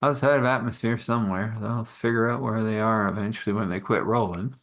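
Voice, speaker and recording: A man voicing a calm, mighty axe-wielding warrior who speaks in an unbothered, laconic way. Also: fairly low pitch, brisk.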